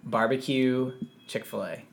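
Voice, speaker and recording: Teasing young man, deadpan. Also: mid-range voice, unhurried. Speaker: podcast co-host. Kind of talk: casual chat.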